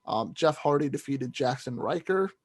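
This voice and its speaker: Chatting about wrestling on the podcast he co-hosts, this young man rambles, full of fillers and false starts. He speaks at normal speed in an expressive, medium-pitched voice with a breathy edge.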